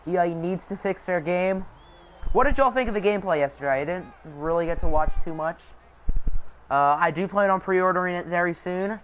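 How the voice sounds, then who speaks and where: High-voiced young man chatting over a game. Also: a bit bright, dull audio, slight background noise. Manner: chatty, answers live chat, jokes. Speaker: channel host. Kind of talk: live sim-game commentary.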